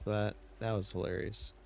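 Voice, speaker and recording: Deep gravelly man chatting over gameplay. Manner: rambling storytelling with many restarts. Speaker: streamer. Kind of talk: casual gameplay chat. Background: faint game music.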